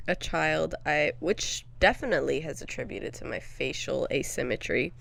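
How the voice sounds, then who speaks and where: Low, gravelly young woman co-hosting. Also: normal speed, a bit bright, slight background noise. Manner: candid, frank storytelling with frequent fillers. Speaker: podcast co-host. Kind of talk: casual chat.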